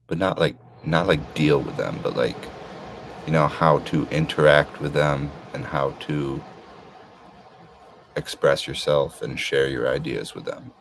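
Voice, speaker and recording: Casual rambling host, very deep and slow, husky, lots of filler words. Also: male voice, fairly even intonation, slight background noise. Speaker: podcast host.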